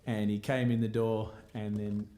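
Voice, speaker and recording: A man's voice: on the low side, normal speed. A man, a musician chatting casually and laughing as he hosts a live stream. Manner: relaxed, chatty, laughs often. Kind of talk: casual chat between songs.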